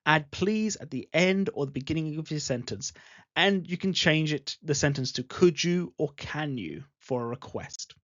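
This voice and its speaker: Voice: medium pitch, lively intonation, normal speed, dry recording. An English teacher giving an online grammar lesson, speaking patiently and repeating example sentences. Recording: dull lo-fi voice recording.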